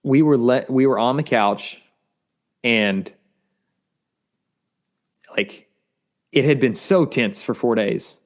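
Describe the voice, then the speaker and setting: A man earnestly telling a personal testimony in an interview, halting and repeating words, his voice rising as he gets intense. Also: medium pitch. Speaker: guest sharing testimony.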